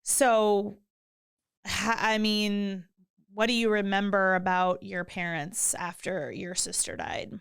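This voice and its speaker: Woman podcast host, unhurried, smooth clear voice, soft and supportive. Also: medium pitch, steady tone. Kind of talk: gentle interview.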